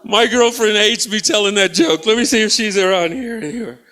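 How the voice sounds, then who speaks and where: Soft background music plays as a man with a high-sitting voice delivers brisk stand-up on a theatre stage. He acts out both sides of his stories' conversations, keeps the storytelling animated and banters with the crowd.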